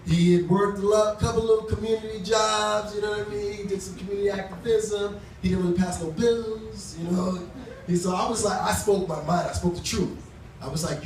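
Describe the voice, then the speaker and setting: A man's voice: high voice, steady tone, fairly quick, a little mellow. A man doing live stand-up storytelling on a small club stage, talking in a loose, chatty way with restarts and fillers. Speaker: stand-up comedian. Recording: echoey club sound from a distant mic, noisy.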